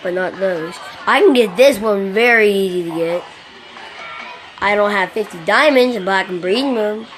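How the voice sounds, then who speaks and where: A woman giving rambling, excitable commentary while playing a mobile game, swearing a lot, recorded on a phone mic. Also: mid-range voice, moderate pace. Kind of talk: casual gameplay commentary. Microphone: phone microphone during screen recording. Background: game music.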